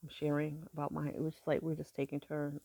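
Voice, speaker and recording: A middle-aged woman telling a personal story in a halting, soft-spoken way, with many pauses. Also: sits low, monotone, gravelly, breathy edge, dry recording. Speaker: grieving mother sharing her story.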